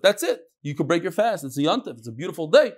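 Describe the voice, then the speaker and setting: A man's voice: on the high side, very animated, fast talker. A man teaching an informal Gemara class, telling stories and explaining with Hebrew and Yiddish terms. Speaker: Talmud teacher.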